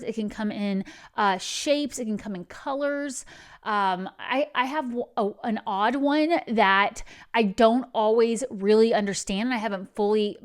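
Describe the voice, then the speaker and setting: A woman with a slightly higher voice hosts a spiritual advice talk. She speaks in an earnest, gentle, reassuring way and meanders through her points, often drifting into side stories. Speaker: spiritual channel host.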